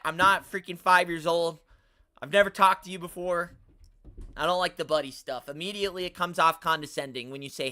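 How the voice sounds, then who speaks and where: Young dude rambling on his live stream, kinda high bright voice, slangy, gets worked up. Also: steady tone, moderate pace, smooth, dry recording. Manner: rambling, exasperated, slangy, reads chat aloud. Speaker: host of a toy collecting live stream. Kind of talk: casual live stream chat.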